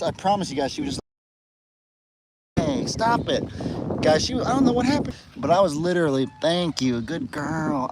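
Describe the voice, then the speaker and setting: A young man chatting casually on a live stream, cooing at animals in a high voice and calling out to them loudly. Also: background noise. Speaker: farm livestream host. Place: outdoors on a farm among animals.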